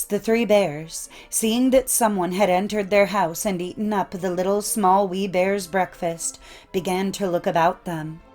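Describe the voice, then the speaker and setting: A woman reading old folk tales aloud in a measured storytelling cadence. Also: mid-range voice, a little mellow. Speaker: narrator. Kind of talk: scripted storybook narration.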